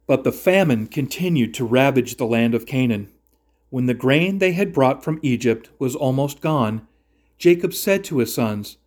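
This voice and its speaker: A man's voice: mid-range voice, animated, normal speed, darkish tone. Man reading scripture steadily. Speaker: scripture reader. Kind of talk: scripted narration of a Bible story.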